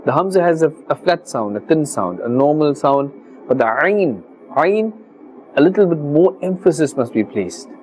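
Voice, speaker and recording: A man teaching Quran reading pronunciation, patiently explaining rules and slowly repeating words as models for his students. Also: a little high, lively intonation, a little mellow, slight background noise, rough recording. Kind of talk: religious recitation lesson.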